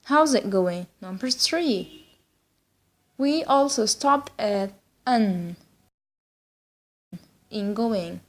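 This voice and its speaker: A woman's voice: mid-range voice, lively intonation, extremely slow, long pauses. A woman teaching an English lesson, whose first language is Arabic. She repeats phrases again and again for practice. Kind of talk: slow spoken English lesson with repeat-after-me drills.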